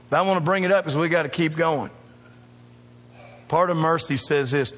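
A man preaching with a slightly raised pitch and a husky edge. He presses his points hard and talks straight to the congregation. His voice carries a long echo through the church. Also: normal speed, pauses often, fairly bright tone. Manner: emphatic, calls out to the congregation. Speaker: pastor. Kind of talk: sermon. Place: church sanctuary.

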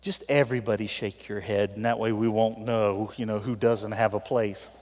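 A man preaching a sermon in a church, telling a story and pleading with the congregation, swinging between loud appeals and soft, quiet moments. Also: fairly low pitch, fairly even intonation, normal speed. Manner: tells a story with voiced characters. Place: church sanctuary. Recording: long reverb of a large hall.

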